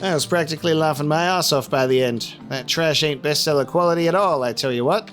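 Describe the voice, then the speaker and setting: A man's voice: a little high, a little fast, fairly bright tone, soft background music, lightly acted. A man voicing a down-on-his-luck middle-aged man in a video game who has found his confidence again, talking in a folksy way. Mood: grateful.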